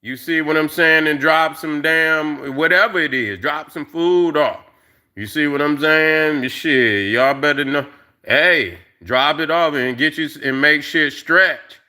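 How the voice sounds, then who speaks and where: Bright-voiced profane man ranting on a livestream. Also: on the high side, a little slow. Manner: profane, rambling, heavy fillers, addresses viewers as family. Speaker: livestream host. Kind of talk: casual livestream rant.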